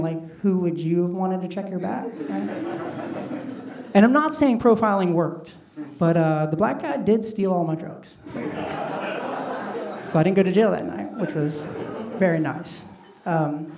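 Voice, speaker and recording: A middle-aged man with a high voice performs stand-up on a comedy club stage, talking loosely and conversationally with lots of "like." A distant mic gives a roomy club sound, with background noise and audience laughter.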